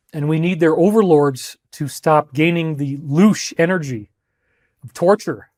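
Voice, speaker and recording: A man's voice: on the high side, darkish tone, no echo, studio quality. A man giving an impassioned talk to viewers, stressing his points by repeating phrases. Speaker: speaker in archived clips.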